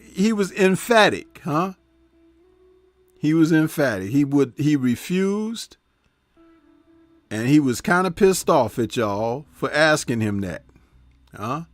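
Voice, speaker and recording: A man's voice: fairly high pitch, no room sound. A man hosting a casual live stream. He reads viewer comments aloud, talks back to them, laughs at his own jokes and keeps tagging his remarks with "huh?". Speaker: host.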